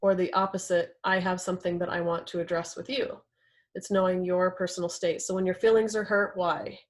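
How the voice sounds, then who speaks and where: A woman's voice: on the low side, flat delivery, brisk. Chatty woman teaching a class. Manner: conversational, uses "right?" and "like" often. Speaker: workshop instructor.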